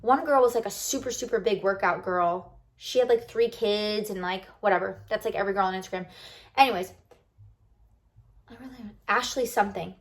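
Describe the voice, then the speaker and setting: This lifestyle vlogger has a mid-range voice and a brisk delivery. Bubbly and animated, she talks casually right to the camera for her viewers.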